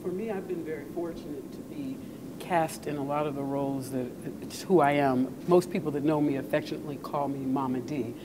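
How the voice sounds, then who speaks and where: A woman's voice: sits low, fairly quick, background noise. An older woman, an actress guest, answering interview questions in an earnest way, often repeating words as she thinks.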